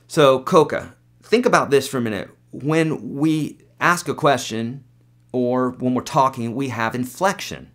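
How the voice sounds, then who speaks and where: A man's voice: mid-range voice, expressive, a little slow. A man teaching guitar on a live webcast, reading out viewer questions and answering them in a loose, chatty way.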